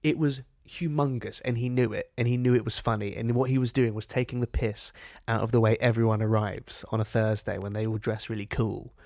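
A podcast co-host chatting casually and comically, slipping into silly voices and sound effects. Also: male voice, mid-range voice, fairly even intonation, fairly quick, creaky, hardly any pauses, a little mellow, no room sound, clean studio sound. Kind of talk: casual comedic chat.

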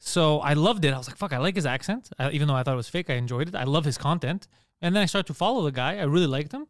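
A man with a smooth, slightly high voice talks very quickly through a casual podcast chat, animated and loose with swear words. The recording is dry and close, with almost no room sound. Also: no room sound. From Canada. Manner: rapid, animated, swears freely. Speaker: podcast host.

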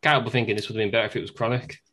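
A man's voice: medium pitch, steady tone, rapid-fire, bright, forceful tone. A man hosting a podcast, chatting casually and laughing often. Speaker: podcast host. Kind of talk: casual chat.

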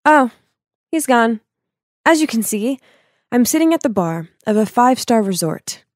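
A woman narrating a first-person story in a casual, wry way. Her voice sits a little high. The sound is close and dry. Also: very animated, moderate pace, no echo.

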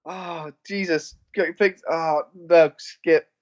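A man's voice: on the high side, steady tone, takes it slowly. Blunt man, dull lo-fi sound. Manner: self-deprecating, blunt, mild swearing. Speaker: podcast co-host. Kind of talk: casual chat.

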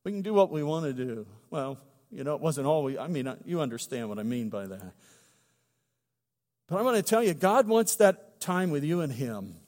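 High-voiced pastor in a reverberant church. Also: male voice, very animated, moderate pace, a little mellow. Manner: conversational and humorous, with emphatic swells. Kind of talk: sermon. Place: church sanctuary.

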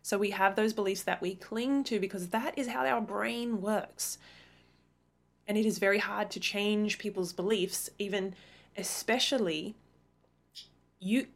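A woman in her thirties hosting a solo parenting podcast as a coach, talking earnestly and emphatically, with quick acted-out retorts. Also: mid-range voice, steady tone, gravelly.

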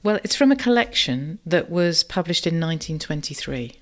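A woman co-hosting a podcast, talking reflectively in a warm, thoughtful way and often ending points with a tag question. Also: low-pitched, expressive, moderate pace. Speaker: podcast co-host. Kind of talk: reflective conversational discussion.

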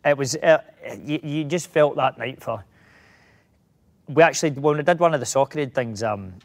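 A middle-aged Scottish actor, a guest in a casual interview, rambling through anecdotes with many restarts. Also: male voice, mid-range voice, normal speed, gravelly.

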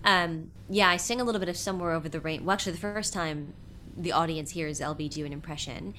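A woman impressionist with a husky voice, chatting animatedly as an interview guest and laughing often. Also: low voice, quick pace, pushed and bright, a little hiss or hum. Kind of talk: casual interview chat.

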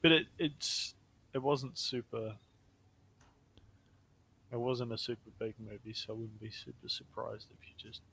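A man's voice: medium pitch, a little slow, long pauses, bright, forceful tone, husky. A young man co-hosting a casual podcast chat, joking and often trailing off mid-sentence. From New Zealand. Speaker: podcast co-host.

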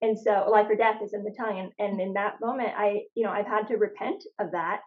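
A woman from Phoenix, Arizona, a guest telling her story in a casual faith podcast conversation, animated and full of "like" and restarts. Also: mid-range voice, a little fast, narrow, tinny audio.

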